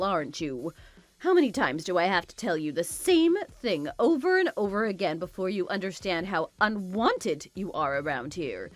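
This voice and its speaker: A woman's voice: medium pitch, dry recording. Woman playing a bossy, spiteful mother-in-law. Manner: scolding, contemptuous, bossy. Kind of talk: dramatized story voice acting.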